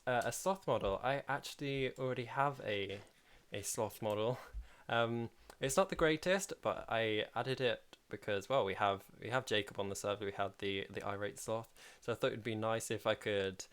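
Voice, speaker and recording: A man's voice: fairly low pitch, fairly bright tone. A man hosting a casual game livestream, talking in a chatty, rambling way and laughing often while he plays. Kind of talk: casual live commentary while playing.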